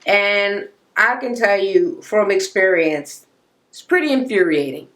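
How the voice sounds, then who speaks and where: A woman's voice: mid-range voice, measured pace. Blunt, profane woman ranting a recap. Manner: exasperated, animated. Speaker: reality TV recap vlogger.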